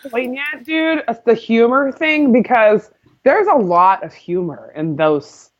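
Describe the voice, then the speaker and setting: A woman's voice: fairly high pitch, expressive, a little slow, lo-fi sound. A woman hosting a podcast, responding supportively and reflecting thoughtfully in casual chat. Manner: supportive, reflective, short affirmations. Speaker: podcast host.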